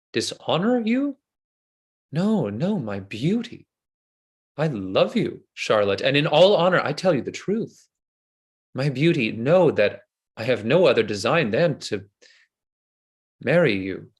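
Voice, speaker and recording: Ein Mann spielt einen schmeichelnden Edelmann-Verführer. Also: male voice, medium pitch, very animated, measured pace, pauses often, husky. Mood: ardent. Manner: flowery, ardent declarations. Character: smooth-talking noble seducer, flattering and insincere. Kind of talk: play reading. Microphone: video call.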